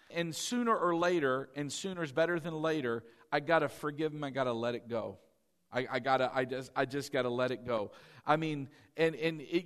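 A man preaching a sermon with a fairly high voice. He swings from fervent, shouted exhortation down to soft, confiding asides, with quick laughs in between. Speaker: pastor.

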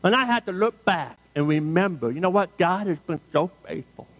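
Guy preaching, pretty high voice, dramatic storytelling, dry close sound. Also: animated, normal speed, fairly bright tone, no echo. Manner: emphatic, dramatic storytelling with repeated refrains. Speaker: pastor. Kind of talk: sermon.

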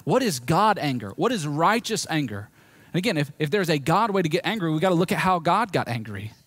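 Man, Southern accent, pastor giving a sermon, fairly high voice, dry close sound, bursts of loud emphasis then soft drops. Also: fairly quick, dry recording. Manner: animated preaching with swings from loud emphasis to quiet.

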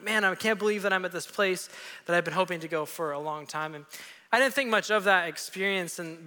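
A man's voice: high-pitched, sharp tone. A man preaching a sermon as pastor, telling stories animatedly with quoted voices. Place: church sanctuary. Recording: long reverb of a church hall.

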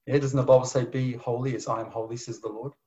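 A man preaching a sermon with passion, swinging from loud pleading to hushed tones. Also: mid-range voice, fairly even intonation, quick pace. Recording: dull lo-fi sound.

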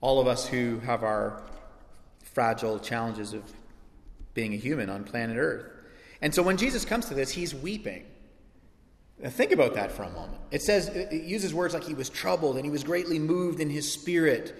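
A man preaching a sermon as pastor, animated and conversational, with asides and restarts. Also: medium pitch, normal speed. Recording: echoey hall with long reverb.

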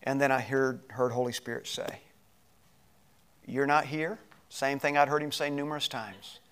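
A middle-aged male pastor telling a personal story in a sermon, animated and moving between loud passages and hushed ones. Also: medium pitch, fairly quick, clear, resonant tone.

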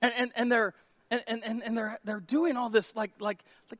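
A man preaching a sermon, comic and animated, acting out characters as he goes. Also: very high-pitched, moderate pace, dry recording. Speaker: pastor.

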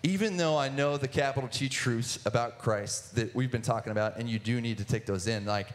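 A man's voice: mid-range voice, brisk. Earnest young man sharing his testimony. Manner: earnest storytelling with many restarts and filler words. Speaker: guest speaker sharing testimony. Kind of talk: personal testimony in a church setting.

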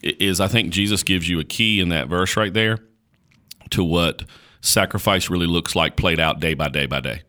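A man's voice: low voice, moderate pace, bright, forceful tone. A male podcast host preaching on a Bible passage in an emphatic, repetitive, colloquial way.

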